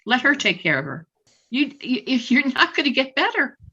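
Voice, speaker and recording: A woman's voice: high-pitched, very animated, moderate pace, bright, forceful tone, breathy edge, highs cut off. A woman spiritual healer leading a live online session, insisting and repeating her points emphatically.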